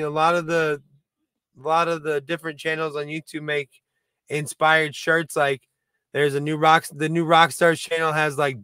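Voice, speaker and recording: A man co-hosts a casual podcast, his voice fairly high and smooth, recorded close and dry. He rambles excitedly, piling up restarts and "like" as his thoughts run ahead. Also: no echo. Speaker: podcast co-host. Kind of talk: casual chat.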